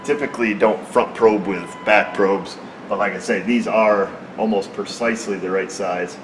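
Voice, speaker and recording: A man's voice: lowish voice, steady tone, normal speed, noisy background. A man working on a car, explaining a repair step by step in a plain, hands-on way. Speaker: auto repair technician. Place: car repair shop, at the vehicle.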